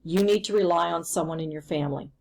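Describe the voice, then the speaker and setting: A woman's voice: lowish voice, fast talker, gravelly, a little mellow, rough recording. A woman teacher recording a remote lesson, explaining patiently and step by step.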